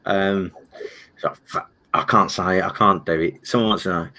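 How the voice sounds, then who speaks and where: Man, lower range; casual jokey co-host on a live video call. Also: lively intonation, moderate pace, a bit bright. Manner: chatty and joking, lots of restarts and fillers. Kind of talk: casual chat on a live stream.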